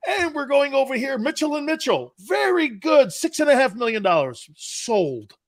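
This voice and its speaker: A man doing a rapid-fire auctioneer. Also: very high-pitched, very animated, pitched above the performer's own voice, exaggerated voice. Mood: excited. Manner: rapid repetitive bid-calling, loud. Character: fast-talking male auctioneer calling bids.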